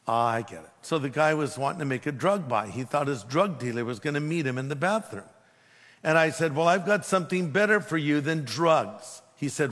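A man's voice: a little high, animated, fairly quick, a bit bright. A man who is a pastor, preaching a sermon with emphatic delivery and humorous storytelling. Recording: long hall reverb.

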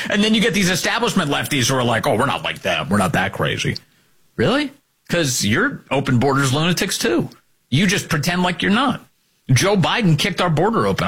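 A man's voice: a little high, a bit bright, slightly rough. A man hosting a political talk radio show, combative and sarcastic, mocking opponents in put-on voices. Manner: sarcastic, combative, swings between mocking voices and emphatic outbursts.

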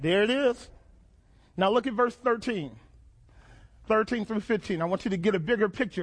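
Male preacher, very high voice, dramatic sermon delivery with repeated questions. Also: animated, normal speed. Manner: dramatic, call-and-response questions, repeats phrases.

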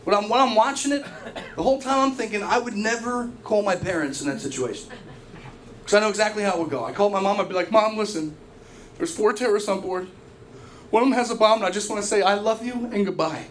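A man's voice: high-pitched, quick pace, a little hiss or hum. A young man doing a brash, profane stand-up routine full of stories. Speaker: stand-up comedian.

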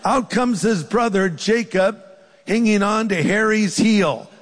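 A man preaching a sermon as a pastor, telling the story lively and acting out the characters' voices. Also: high-pitched, slow, big-room sound.

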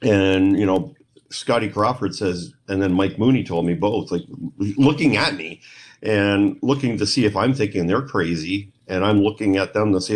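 A man's voice: lowish voice, normal speed. A middle-aged man telling a rambling story in an interview, acting out the voices of the people in it. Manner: rambling, animated retelling with quoted voices. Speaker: guest, paranormal investigator.

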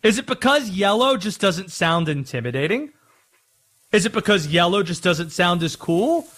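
A man hosting a sports talk radio show, ranting in a playful, animated way. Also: high voice, moderate pace.

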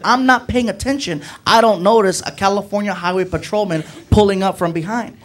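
A man doing stand-up, telling a story in an animated way and acting out his friends with loud, yelled voices. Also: sits high, quick pace, few pauses. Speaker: stand-up comedian.

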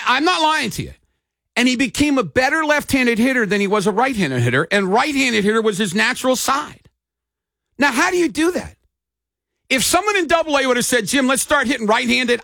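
A man's voice: very high-pitched, gravelly, pushed and bright, dry recording, clean studio sound. A middle-aged man hosting a sports radio talk show, telling stories in a folksy, emphatic way.

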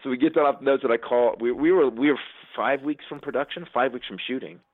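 A man, a comedian and filmmaker, telling stories in a casual chat, quick and animated with lots of restarts. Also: mid-range voice, no room sound. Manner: fast, animated storytelling with many restarts. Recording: dry, phone-like narrow sound.

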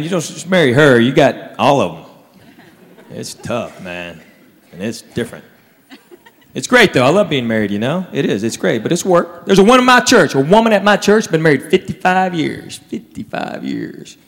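A man performing a stand-up routine, telling animated stories and acting out his relatives. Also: on the high side, a little fast. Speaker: stand-up comedian. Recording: live venue with long reverb, faint crowd noise.

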